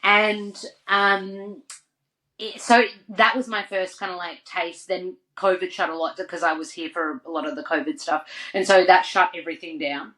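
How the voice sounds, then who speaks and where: An Australian woman on a podcast as a guest, telling lively stories full of "like" and acted-out quotes. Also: lowish voice, moderate pace, low-quality recording. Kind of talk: casual interview storytelling.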